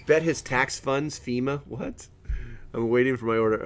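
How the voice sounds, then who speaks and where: A man's voice: mid-range voice, unhurried, long pauses. A middle-aged man hosting a live stream in casual chat, joking as he reads viewer comments aloud and often laughing.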